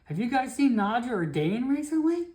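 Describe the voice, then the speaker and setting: A narrator voicing a flustered, excitable male town guard captain who stammers and repeats himself. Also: medium pitch, normal speed, voice pushed up, lightly acted. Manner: stammering, repeats words in alarm.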